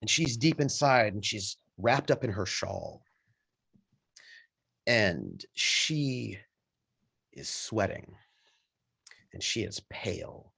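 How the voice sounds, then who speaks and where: A man narrating scenes as game master of a tabletop role-playing game, unhurried and descriptive. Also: fairly low pitch, animated, creaky, fairly bright tone, slightly rough.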